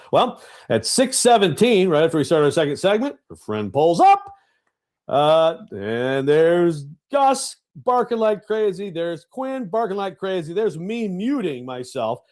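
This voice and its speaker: A middle-aged man co-hosting a radio show from home, telling a self-deprecating story with loud, animated outbursts. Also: fairly high pitch. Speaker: radio co-host. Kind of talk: casual sports radio chat. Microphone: home setup on video call.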